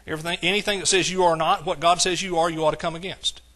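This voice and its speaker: A man preaching a sermon as pastor, with emphatic lines that swing from soft to hollering. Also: on the high side, steady tone, quick pace.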